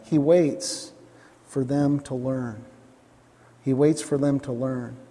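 A man's voice: fairly high pitch, warm tone, in a large hall. A man preaching a sermon, emphatic, repeating key phrases and asking his listeners questions.

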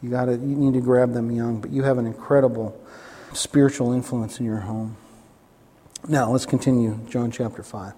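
A man preaching a sermon as a pastor, telling stories animatedly and acting out the voices in them, jumping up to excited highs. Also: moderate pace, slightly rough. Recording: long hall reverb.

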